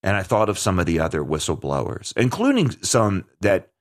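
A man's voice: low-pitched, huge pitch swings, a little fast. A man hosting a talk show, speaking earnestly and emphatically in conversational commentary, often restarting his sentences.

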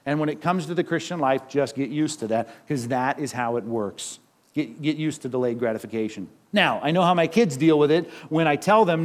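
Middle-aged male pastor, high voice, animated sermon delivery, lots of rhetorical questions. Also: normal speed.

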